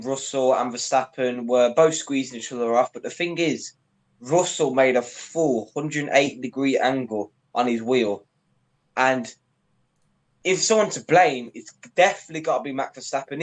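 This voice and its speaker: Halting man breaking down a race. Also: medium pitch, a little mellow. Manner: halting, restarts while explaining. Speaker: co-host. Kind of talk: casual commentary chat.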